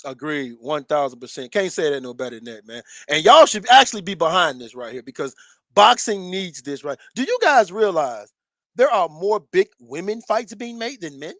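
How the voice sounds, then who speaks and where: High-voiced guy co-hosting boxing talk, gets hyped, lots of uh uh fillers, dry close sound. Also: moderate pace, no echo. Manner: excitable, laughs a lot, stumbles over names with fillers. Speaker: co-host. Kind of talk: casual boxing chat.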